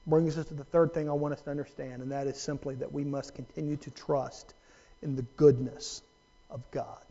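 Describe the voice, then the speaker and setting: A man preaching a sermon as pastor, dramatic, moving from hushed, low-volume lines to loud, raised emphasis. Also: level tone, moderate pace, creaky, highs cut off. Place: church sanctuary.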